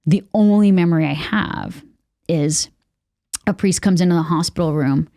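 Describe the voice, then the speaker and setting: A woman's voice: lowish voice, moderate pace, dark tone, no echo, studio quality. A young adult woman from Texas, a podcast guest, telling a candid personal testimony with many fillers and acted-out quotes. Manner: earnest, candid, many fillers, acts out what people said.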